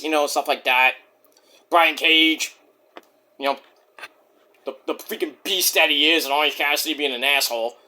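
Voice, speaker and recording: A man's voice: a little high, pushed and bright. A man casually recapping wrestling shows in a rambling, joking, profane way. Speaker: wrestling show reviewer.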